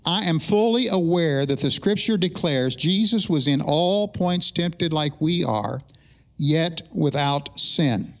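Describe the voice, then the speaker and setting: A middle-aged male pastor with a notably high-pitched voice delivers a sermon in a church service. He speaks in an animated, conversational way, mixing earnest teaching with self-deprecating humorous asides. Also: takes it slowly, gravelly. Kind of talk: sermon with opening prayer. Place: church sanctuary during a service.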